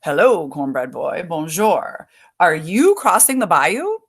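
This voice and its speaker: Sly gator in a storybook, lady reading it out, low and slow, drawn out. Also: sing-song, breathy edge, exaggerated voice. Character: sly smooth-talking male alligator.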